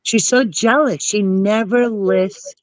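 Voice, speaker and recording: A woman with a New Jersey accent and a cold, rambling through casual gossip with animated asides. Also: medium pitch, takes it slowly, dry recording, poor audio. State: has a cold. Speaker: chat participant.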